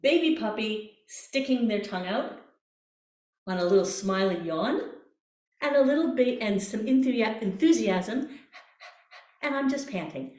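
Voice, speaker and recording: A woman's voice: fairly high pitch, expressive, normal speed, darkish tone, echoey room. A woman voice coach leading a workshop, guiding breathing exercises with playful images and encouragement. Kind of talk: online voice workshop.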